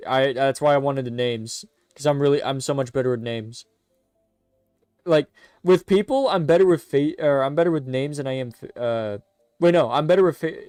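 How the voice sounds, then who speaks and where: Smooth and mid-pitched, this man's voice carries casual live-stream commentary full of rambling, stuttering and self-corrections. He's excitable and talkative, recorded in clean studio sound without echo.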